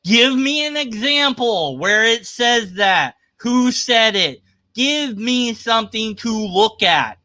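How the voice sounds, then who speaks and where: A man's voice: extremely high pitch, animated, slow pace, pushed and bright, dry recording. A man hosting a livestream, giving casual, skeptical commentary on a video in a rambling, argumentative way. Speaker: livestream host reacting to a video.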